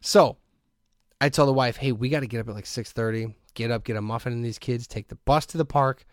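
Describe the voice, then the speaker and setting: A man hosting a podcast, telling a long story in a casual, animated way and often breaking into laughter. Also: mid-range voice, brisk, no room sound, studio quality. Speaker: podcast host.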